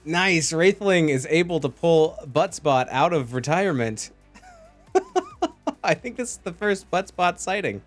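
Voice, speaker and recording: A man's voice: a little high, expressive, moderate pace, few pauses, soft background music. A man casting a live esports match, chatty and joking as he reads out chat messages. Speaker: esports caster.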